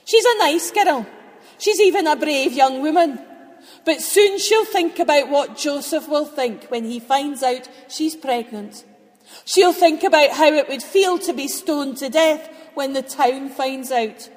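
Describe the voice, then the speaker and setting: Worried archangel in a storybook, high and yelping; a woman voices him. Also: unhurried, in a large hall. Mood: agitated. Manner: agitated, yelping. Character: skeptical male archangel, fretful and excitable.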